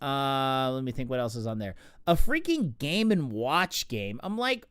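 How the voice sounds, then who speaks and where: A man's voice: medium pitch, sing-song, measured pace, a bit bright, clear, resonant tone, no room sound, studio quality. A man hosting a game stream, chatting casually and getting distracted by his game, with lots of fillers. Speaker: streamer host. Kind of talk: casual chat while gaming.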